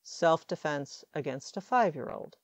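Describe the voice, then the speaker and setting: A woman voicing a tired, grieving mother who speaks gently. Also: low-pitched, animated, unhurried, dry recording. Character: weary, grieving mother, soft-spoken woman.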